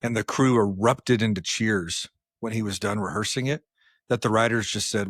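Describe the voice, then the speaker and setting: A man co-hosting a podcast in casual chat, chatty and quick to laugh at himself. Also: medium pitch, no echo, studio quality. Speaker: podcast co-host. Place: podcast studio filmed on camera.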